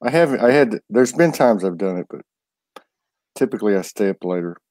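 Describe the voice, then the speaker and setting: A man hosting a live online show, loose and a bit halting, greeting viewers by name before bringing on his guest. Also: lowish voice, lively intonation, a little mellow, no room sound. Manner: loose, stumbling, reads out names. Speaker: host.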